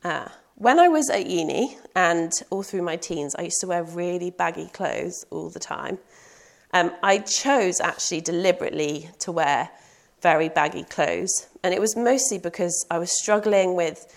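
A woman's voice: lowish voice, gravelly. A young woman preaching a sermon in an earnest, personal way, asking rhetorical questions.

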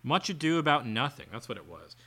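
A man's voice: medium pitch, sing-song, brisk, bright, forceful tone, slightly rough. A man co-hosting a podcast, reading an article aloud and breaking off into sarcastic, exasperated asides. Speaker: podcast co-host.

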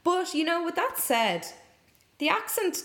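A woman's voice: very high voice, sing-song, measured pace, fairly bright tone, reverberant. A woman co-hosting a film podcast in casual chat, with dry, brief remarks. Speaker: podcast co-host.

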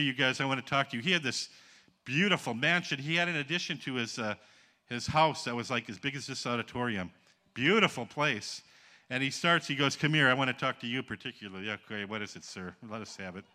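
An older man preaching from a church stage, his voice strikingly bright and forceful at a middling pitch. He acts out every quote as he tells the story and breaks into laughter at his own tales. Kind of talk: storytelling sermon. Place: church auditorium.

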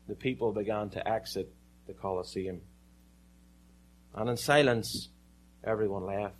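A man with an Irish accent preaching a sermon, telling a story with dramatic pauses and some joking asides. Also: mid-range voice. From Ireland.

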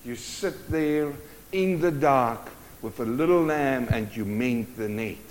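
A man preaching a sermon, swinging from loud urgent bursts to hushed, intimate lines. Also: medium pitch, animated, slow pace. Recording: long hall reverb.

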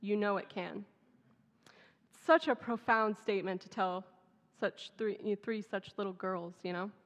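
A woman's voice: mid-range voice, measured pace. A woman pastor from Texas, giving a conversational, humorous sermon in a church. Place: church sanctuary. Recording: dull sound, long hall reverb.

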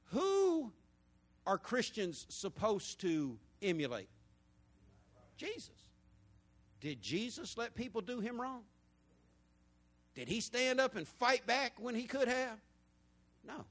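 High-voiced preacher in his fifties. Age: 50s. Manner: animated storytelling preaching, swinging between loud and hushed. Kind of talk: sermon.

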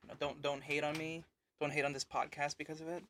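A man's voice: a little high, little pitch movement, fast talker, a bit bright. A man co-hosting a casual podcast, rambling with lots of ums and you-knows. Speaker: podcast co-host. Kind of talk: casual chat.

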